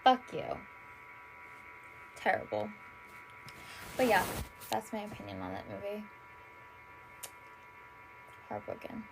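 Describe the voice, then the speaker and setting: A tired young woman with a gravelly, medium-pitched voice speaks unhurriedly, with little pitch movement and long pauses, against background noise. Hosting her casual solo podcast, she rambles, swears freely, says "like" nearly every phrase, and admits her gushing is dramatic.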